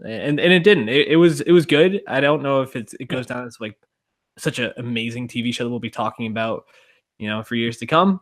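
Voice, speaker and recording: A man co-hosting a podcast, casually chatting about a TV show in a relaxed, conversational way. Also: medium pitch, a little fast. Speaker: podcast co-host. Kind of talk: casual review chat.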